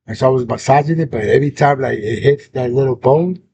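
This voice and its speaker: A man's voice: quick pace, gravelly, a little mellow. A young man, hosting a casual chat and telling a story full of slang and swearing. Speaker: host. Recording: dull lo-fi sound with faint rumble.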